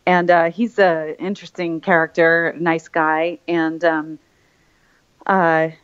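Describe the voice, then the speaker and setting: A woman's voice: sits low, level tone, slow, clear, resonant tone. A woman voice actor chatting as an interview guest, rambling with many fillers and restarts. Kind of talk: casual interview chat. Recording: slightly muffled lo-fi audio.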